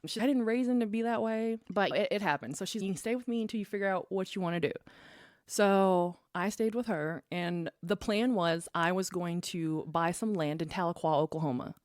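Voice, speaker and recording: A woman's voice: mid-range voice, a little fast, darkish tone, dry recording, clean studio sound. A woman guest on a podcast, telling her own story in casual chat and acting out what others said. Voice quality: acts out quoted dialogue. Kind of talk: animated personal storytelling.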